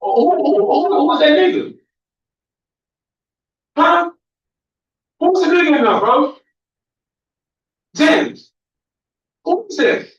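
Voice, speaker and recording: A man shouting angrily and repeating himself in a recording played as evidence. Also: very high-pitched, lively intonation, takes it slowly, pauses often, heavy reverb, recorded from a distance, lo-fi sound.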